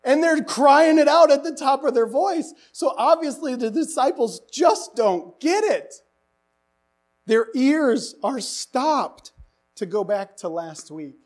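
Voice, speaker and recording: A man preaching a sermon, animated and asking the congregation rhetorical questions, his voice rising to near-shouts for emphasis. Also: very high-pitched, takes it slowly. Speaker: pastor.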